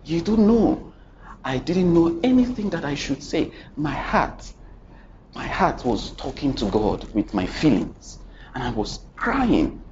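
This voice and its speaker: A man's voice: sing-song, slow pace, a little hiss or hum. A man preaching a sermon, telling a story dramatically and putting questions straight to the congregation, with repeated phrases. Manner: dramatic storytelling with sudden swings in pitch and loudness; addresses the congregation directly with questions and repetition. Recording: dull lo-fi recording with faint ambience.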